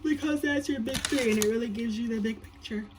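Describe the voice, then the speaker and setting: A woman's voice: a little high, fast, far from the mic. A tired woman reads tarot in a loose, chatty way, swearing freely and circling back on her words. She sits a little back from the mic, and faint room noise hums underneath. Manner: blunt, profane, chatty with many fillers. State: tired, yawning. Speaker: tarot reader. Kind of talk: casual tarot reading.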